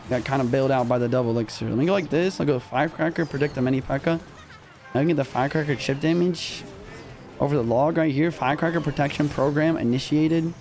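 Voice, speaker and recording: A young man commentating his own live gameplay in casual slang, excitable and quick to yelp when rattled. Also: fairly high pitch. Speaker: gaming streamer. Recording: music underneath.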